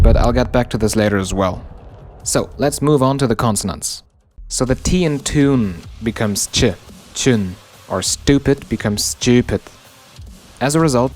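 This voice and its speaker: A man narrating an educational video on a dialect, slowing down to spell out the example words. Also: medium pitch, darkish tone.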